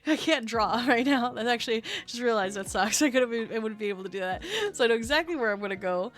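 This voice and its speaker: A woman livestreamer chatting casually with her viewers, excitable and chatty, swearing often. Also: fairly high pitch, fast talker. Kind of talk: casual live-stream chat.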